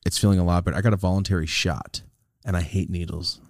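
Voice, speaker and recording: A man's voice: low-pitched, fast talker, gravelly, no room sound, clean studio sound. A young man co-hosting a podcast in casual chat, telling stories about getting over a sinus infection, swearing and acting out what others said. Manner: animated storytelling, swears a lot, acts out quotes. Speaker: podcast co-host.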